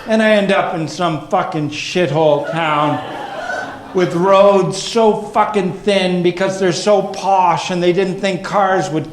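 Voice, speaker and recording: A man doing a stand-up comedy routine on stage, ranting with heavy profanity and rising to shouted exasperation. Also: sits high, noisy background. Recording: echoey live club with crowd. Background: audience laughter.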